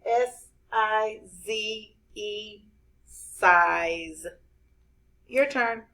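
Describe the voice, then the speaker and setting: A woman teacher leading a spelling lesson for young children, spelling each word slowly letter by letter. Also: mid-range voice, bright, forceful tone, rough recording. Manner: slow, clear, spelling words out letter by letter.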